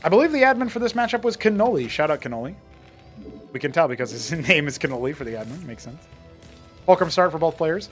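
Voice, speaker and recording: A male caster with a fairly high voice calls a strategy-game match in chatty play-by-play. He wanders into trivia tangents and then snaps back to the action, with faint music under him. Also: sing-song, fast. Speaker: esports caster and show host. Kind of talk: live game commentary.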